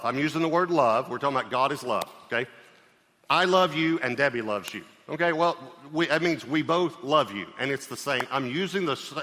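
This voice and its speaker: Male pastor giving a sermon, punchy and chatty, bright voice echoing around a big church. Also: mid-range voice. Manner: emphatic, conversational preaching with rhetorical questions. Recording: long reverb of a large hall.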